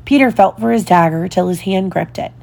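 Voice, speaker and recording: A woman reading a children's storybook aloud in a slow, deliberate storytelling manner. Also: mid-range voice, creaky, darkish tone. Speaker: storybook reader.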